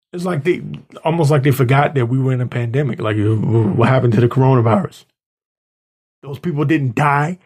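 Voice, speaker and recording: This Washington DC-area podcast host delivers an angry, indignant rant, poking fun at the people he's talking about. He speaks at a moderate pace in a medium-pitched voice that is slightly mellow and a bit rough.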